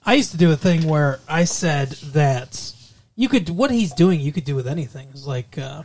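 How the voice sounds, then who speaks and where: A man's voice: fairly high pitch, animated, normal speed, darkish tone. Rambling sardonic male co-host. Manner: rambling, frequent fillers and restarts, sardonic. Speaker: podcast co-host. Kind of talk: casual news chat.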